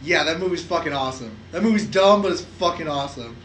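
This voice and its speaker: A man co-hosting a podcast, talking in an animated, excitable way and swearing freely. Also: a little high, quick pace, roomy sound, slight background noise, low-quality recording. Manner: animated, profane, excitable storytelling. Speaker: podcast co-host. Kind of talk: casual podcast chat.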